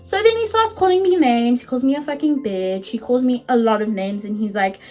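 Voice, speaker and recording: A young woman in her twenties with a South African accent, telling a story in a chatty, animated, casual way and swearing freely. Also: a little high, brisk, faint music behind. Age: 20s. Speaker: vlogger.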